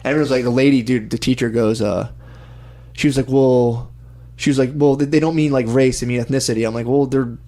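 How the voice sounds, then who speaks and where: A young man chatting casually, rambling through an animated story and mimicking other people's voices. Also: medium pitch, a little fast. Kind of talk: casual chat.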